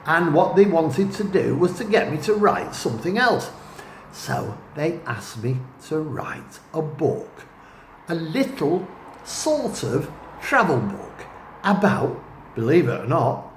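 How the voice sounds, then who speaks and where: Man from northwest england rambling slowly through a story, jokey asides, echoey room. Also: fairly high pitch, sing-song, slight background noise. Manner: rambling, self-mocking, chuckling asides. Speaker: writer and vlogger. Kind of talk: casual storytelling monologue.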